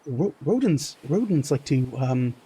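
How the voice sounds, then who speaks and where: A man voicing a jittery, fussy passenger who mutters to himself and breaks into shrill yelps. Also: unhurried, husky, heavily acted. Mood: musing. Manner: excitable, shrill, jumps into yelps and shouts.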